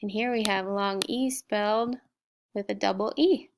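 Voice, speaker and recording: A middle-aged woman teacher slowly sounding out spelling words and explaining vocabulary in a recorded lesson. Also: mid-range voice, steady tone, background noise. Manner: slow, clear word-by-word sounding out.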